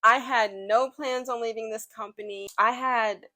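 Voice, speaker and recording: Young woman, fairly high voice, animated, expressive, dramatic storytelling, casual slang. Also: a little slow. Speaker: vlogger telling a workplace story.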